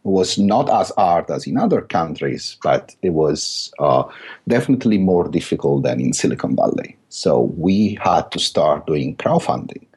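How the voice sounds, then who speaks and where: A man's voice: deep voice, lively intonation, normal speed, a little mellow, husky. A middle-aged man with a thick Italian accent, a guest author talking through a podcast interview with many fillers and restarts. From Italy.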